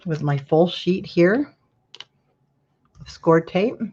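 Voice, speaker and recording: A woman's voice: fairly low pitch, lively intonation, takes it slowly, a little mellow, slightly rough, lo-fi sound. A woman hosting a live craft tutorial, chatting to her viewers while she works and yawning now and then. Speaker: craft class host.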